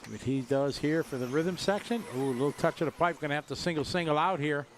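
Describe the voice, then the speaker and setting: A man commentating live on a radio-controlled car race, chatty and jokey with excitable asides. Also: on the high side, quick pace, a little hiss or hum.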